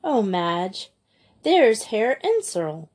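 A woman reading aloud voices an eager, lively young English schoolgirl who speaks in a breezy, enthusiastic way. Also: mid-range voice, drawn-out words, husky, exaggerated voice.

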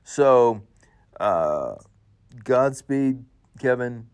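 A man hosting his show, giving an emotional personal tribute, halting with many fillers and restarts, his voice rising as he gets choked up. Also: mid-range voice, lively intonation, darkish tone, clear, resonant tone. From United States. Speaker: show host.

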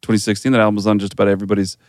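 A man's voice: lowish voice, little pitch movement, rapid-fire, a little mellow, no room sound, studio quality. A man co-hosting a pop culture podcast, talking casually and restarting sentences as he argues a point. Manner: laid-back, restarts a lot while arguing. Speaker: podcast co-host. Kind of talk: casual chat.

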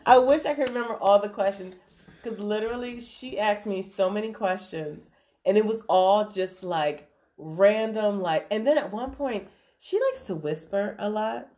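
A woman's voice: mid-range voice, moderate pace, darkish tone. A woman in her thirties, a podcast co-host, telling a story in casual chat, acting out quotes and laughing often.

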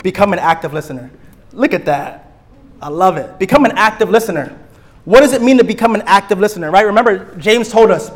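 A young man, a therapist teaching a church group in a lively, playful way, acting out little scenes and repeating his key points. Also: high-pitched, fairly quick.

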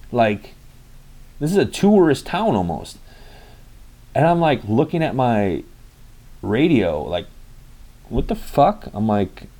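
A man's voice: mid-range voice, darkish tone. A young man telling a rambling story in a casual vlog, cursing freely and acting out the dialogue. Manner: rambling, profane, acts out quoted dialogue. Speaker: vlogger.

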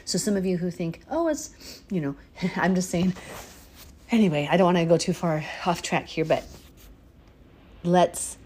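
A woman's voice: on the low side, fairly even intonation, moderate pace, pauses often, darkish tone, a little hiss or hum. A woman giving an informal, earnest Bible teaching, reading verses aloud and explaining them in a preachy, heartfelt way. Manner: earnest, preachy, chokes up emotionally.

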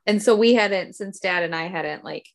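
A woman's voice: medium pitch, moderate pace. Chatty middle-aged woman. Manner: chatty, rambling storytelling. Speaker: podcast co-host, mother. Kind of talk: casual family chat.

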